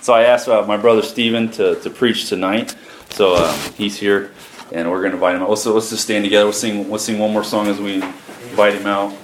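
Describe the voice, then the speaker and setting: A man's voice: fairly low pitch, steady tone, a little fast, a little hiss or hum. A man pastoring from the pulpit, telling a testimony in a folksy, conversational way with frequent chuckles. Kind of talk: sermon testimony. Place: church sanctuary. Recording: echoey church room, faint music.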